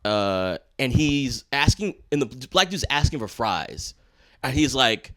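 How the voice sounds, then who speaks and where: A male stand-up comedian from Washington, D.C., chatting as a podcast guest. He tells his stories in a loose, slangy way and swears constantly. His pitch jumps up and down a great deal as he talks. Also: takes it slowly. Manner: animated, swears a lot, slangy. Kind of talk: casual storytelling chat.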